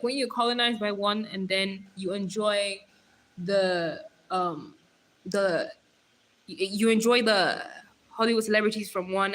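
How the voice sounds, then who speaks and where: A woman's voice: mid-range voice, a bit bright. A young woman chatting casually on a live stream, reading viewer comments aloud and laughing often.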